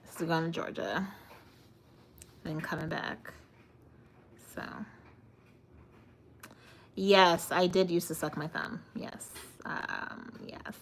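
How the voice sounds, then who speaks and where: A woman's voice: fairly low pitch, a bit bright, a little hiss or hum. A young woman hosting a casual live stream, answering viewer comments with frequent giggles and stumbles over her words. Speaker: livestream host.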